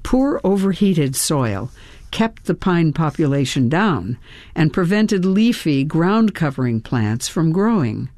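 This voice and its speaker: A woman narrating her memoir in an expressive reading style, her voice rising sharply at vivid moments. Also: takes it slowly, dry recording, clean studio sound. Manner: expressive, with sudden lifts in pitch.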